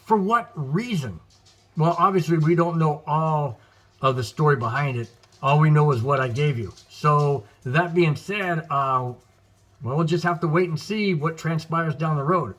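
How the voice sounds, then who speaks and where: A man's voice: on the high side, measured pace. A man hosting a casual sports news show, reading items and reacting with frequent exclamations and repeated words. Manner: chatty, exclaims wow often, repeats words.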